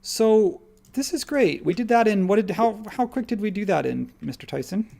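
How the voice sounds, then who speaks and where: A man hosting a live software tutorial, talking casually and upbeat, thinking aloud as he works. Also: sits high, expressive, moderate pace, creaky. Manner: rambling, upbeat, thinks aloud while working. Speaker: live stream host and modeling instructor.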